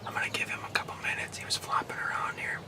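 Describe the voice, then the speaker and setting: Guy whispering hushed and excited in a hunting blind, a bit off mic. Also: quick pace, distant mic. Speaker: hunting show host. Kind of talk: whispered field commentary.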